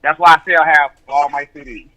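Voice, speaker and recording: A man's voice: a little high, steady tone, fairly quick, bright, forceful tone, low-quality recording. A man hosting a radio show, chatting in a laid-back, slangy way. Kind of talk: casual radio chat.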